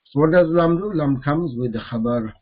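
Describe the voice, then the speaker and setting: A man teaching a grammar lesson, repeating each Arabic term slowly as he mixes it into English explanations. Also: on the high side, slightly rough, lo-fi sound.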